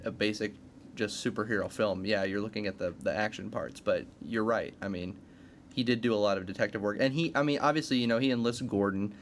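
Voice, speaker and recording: A man's voice: on the low side, a little fast. Easygoing guy agreeing a lot while talking movies, slight hiss on the mic. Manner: agreeable, backchannels often. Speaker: podcast co-host. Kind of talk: casual movie discussion. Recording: faint background noise.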